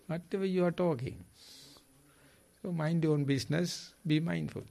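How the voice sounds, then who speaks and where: A Buddhist monk gives a dharma talk. His voice sits a little high for a man, and his English stumbles and repeats as he searches for words. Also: creaky. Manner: lively, halting non-native English with repeats.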